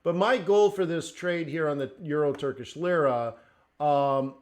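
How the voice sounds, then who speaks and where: A man hosting a live trading stream, talking off the cuff and swinging between near-shouted rants and quiet asides. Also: fairly high pitch, a little slow. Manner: acts out traders' inner voices in quotes. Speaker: livestream host, forex trading coach.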